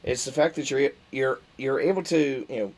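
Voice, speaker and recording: A man's voice: medium pitch, normal speed, darkish tone. A man hosting a casual interview on a stream, hesitant, with lots of fillers, often laughing along with his guest. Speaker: stream host.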